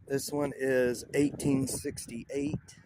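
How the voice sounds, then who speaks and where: A man's voice: medium pitch, little pitch movement, slow pace, heavy background noise. A man live-streaming outdoors on a phone, shivering from the cold, rambling and talking to his chat. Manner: rambling, laughs often, talks to chat. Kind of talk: casual live-stream narration. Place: outdoors in a cemetery. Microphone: phone held in hand.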